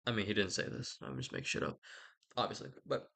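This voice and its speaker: A man's voice: deep voice, wildly swooping pitch, quick pace, gravelly, sharp tone, breathy edge. A man giving a rambling, sweary comic retelling with lots of asides. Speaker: vlogger.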